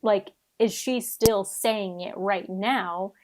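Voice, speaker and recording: A woman's voice: medium pitch, slow pace. A woman co-hosting a podcast, chatting casually about TV in a blunt, emphatic way and swearing freely. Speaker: podcast co-host.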